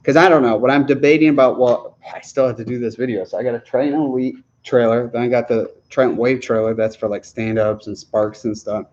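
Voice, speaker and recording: A man's voice: medium pitch, fairly even intonation, a little fast, hardly any pauses, darkish tone. Rambling man on a lo-fi livestream. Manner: rambling, laughing often, restarting sentences. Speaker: livestream host answering viewer questions. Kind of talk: casual livestream Q&A chat.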